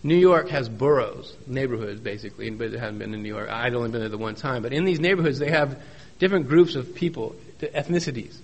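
At a recovery meeting, a middle-aged man gives his personal testimony as folksy storytelling with joking asides, repeating key phrases for emphasis. He talks fast with hardly any pauses in a mid-range voice, and the sound is lo-fi.

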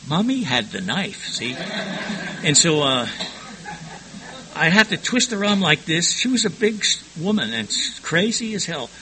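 A man's voice: a little high, very animated, a little slow, noisy background. An older man frankly recounting his past in a rambling personal testimony, often stumbling and repeating words.

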